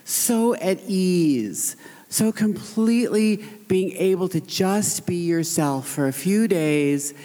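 A panel guest speaks with heartfelt emotion, halting and near tears. The voice has an average pitch. Long reverb from a large convention hall carries every word. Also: lively intonation, mellow.

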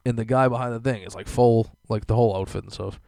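A man's voice: mid-range voice, steady tone, fast, gravelly, warm tone, no room sound. A young man hosting a casual solo podcast, rambling and swearing often, breaking into laughter as he talks. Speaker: podcast host.

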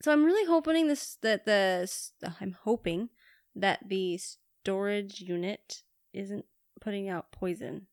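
A woman's voice: medium pitch, unhurried, no room sound, clean studio sound. A woman from Montana chatting casually as a podcast co-host, telling stories and laughing often. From Montana, USA. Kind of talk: casual chat.

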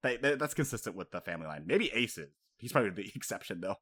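An animated young man talks through a story for his podcast, and his pitch swings widely as he goes. He drops casual swears and now and then slips into quick character voices before going back to his own easy chat. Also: breathy edge. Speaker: podcast co-host.

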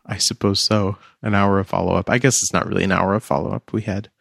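A man's voice: deep voice, steady tone, quick pace, vocal fry, fairly bright tone, no room sound. A man co-hosting a podcast in casual chat, with a dry, self-deprecating manner. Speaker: podcast co-host.

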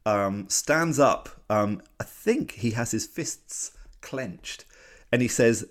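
A man's voice: mid-range voice, animated, takes it slowly. A man co-hosting a casual podcast about comic strips, chatty and giggly, with many fillers and little laughs. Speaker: podcast co-host.

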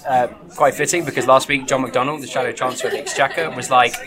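A man's voice: mid-range voice, fairly even intonation, fast. A man hosting a casual political podcast, talking loosely and jokingly with many fillers. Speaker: podcast host. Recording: noisy crowd in the background. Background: crowd chatter.

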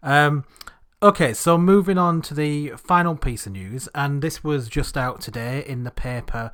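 A man hosting a casual podcast chat, rambling and letting his sentences trail off quietly. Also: a little high, measured pace. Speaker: podcast host.

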